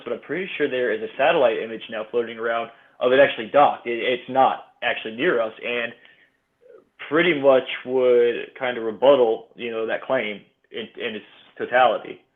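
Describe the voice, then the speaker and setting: Rambling man on a tinny phone line. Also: mid-range voice. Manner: rambling, speculative, hedging. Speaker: guest. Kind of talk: casual chat.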